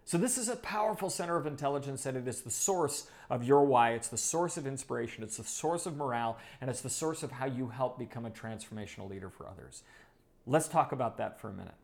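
Guy teaching a leadership course, gravelly, middle pitch, hammers his points home. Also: quick pace, darkish tone. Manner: emphatic, repeats phrases for effect. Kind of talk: online course lesson.

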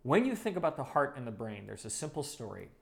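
A man's voice: medium pitch, very animated, quick pace, gravelly. A man teaching a leadership course module, emphatic and fond of repeating phrases for effect. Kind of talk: online course lesson.

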